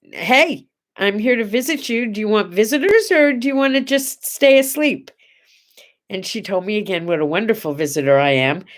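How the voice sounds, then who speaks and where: A middle-aged woman hosts a casual morning show and talks in a chatty, tender way. She rambles and wanders off into asides, and her voice sits at an ordinary middle pitch. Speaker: host.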